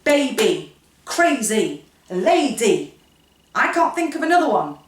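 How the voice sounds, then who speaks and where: Slow and slightly high-voiced, a woman teaches children phonics with playful, lively storytelling about how letters sound. She's recorded from a distance in a room full of echo, so her voice is a bit off-mic.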